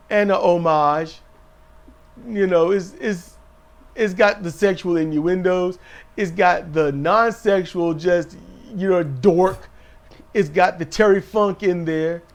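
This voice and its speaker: A man co-hosting a casual wrestling recap, telling the events in an animated way and acting out what the wrestlers said. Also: sits high, slow. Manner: animated storytelling, mimics wrestlers in quotes. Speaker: podcast co-host.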